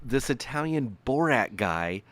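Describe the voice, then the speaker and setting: A man's voice: mid-range voice, sing-song, unhurried, a bit bright, pitched above the performer's own voice. A man voicing an indignant adult male TV show host, griping in a huffy, baffled way.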